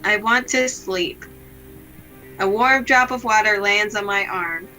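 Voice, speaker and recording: A woman reading aloud the lines of a gloomy, self-blaming young woman from a visual novel, in a slow, subdued, melancholy way. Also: medium pitch, pushed and bright, faint music behind, rough recording.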